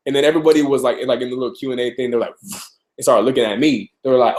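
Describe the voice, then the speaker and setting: A young man from Arizona, a little sick and often clearing his throat, chatting loosely with viewers in a live Q&A, full of ums and restarts. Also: medium pitch, racing, a little mellow. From Tucson, Arizona. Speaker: rapper answering viewer questions. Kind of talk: casual live Q&A stream.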